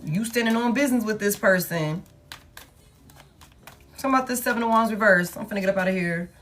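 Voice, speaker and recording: A woman's voice: mid-range voice, fairly quick, fairly bright tone, a little hiss or hum. Blunt, profane woman reading tarot. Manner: blunt and profane, with emphatic repetition. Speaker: tarot reader. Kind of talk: casual tarot reading monologue.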